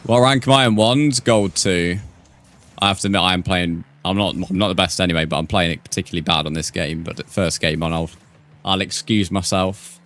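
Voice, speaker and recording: A man's voice: low voice, steady tone, a little fast, fairly bright tone. A man streaming a game, chatting casually with viewers and calling them "mate". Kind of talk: casual live-stream chat.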